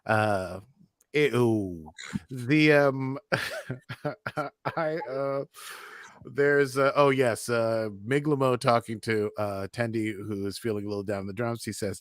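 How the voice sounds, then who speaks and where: Male co-host, mid-pitched, rambling casual recap chat, dry close sound. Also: takes it slowly, smooth, dry recording. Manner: rambling, chuckling, many fillers. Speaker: podcast co-host.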